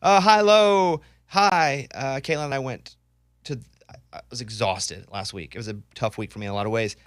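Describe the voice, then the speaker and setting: A man's voice: fairly low pitch, quick pace, no echo. Dry-voiced man hosting morning radio. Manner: dry teasing banter. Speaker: radio show host. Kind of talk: casual morning radio chat. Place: radio studio. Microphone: studio microphone.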